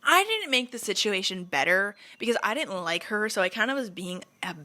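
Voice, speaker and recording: Young woman podcast host with a bright voice, casual and chatty, swears freely and plays out what people said. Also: mid-range voice, sing-song, a little fast, few pauses. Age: young adult. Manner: acts out quoted lines with voices. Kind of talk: casual storytelling chat.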